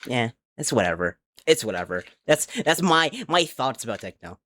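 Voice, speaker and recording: A young man in casual stream chatter, his pitch neither high nor low. He rambles and drifts between thoughts while building in a game, now and then counting under his breath. He is close on a desk mic at home. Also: very animated, normal speed, pushed and bright. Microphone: desk mic with headphone monitoring.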